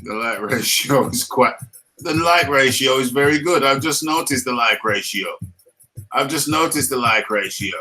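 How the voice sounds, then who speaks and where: A man's voice: medium pitch, normal speed, pushed and bright, soft background music, rough recording. A man with a British accent hosting a casual live stream, playful and laughing often, repeating his lines as he reads the chat.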